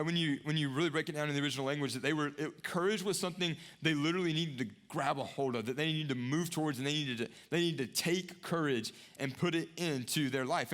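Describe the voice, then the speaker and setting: A young adult male pastor preaches earnestly, repeating phrases as he climbs to emphatic peaks and sinks to hushed lows.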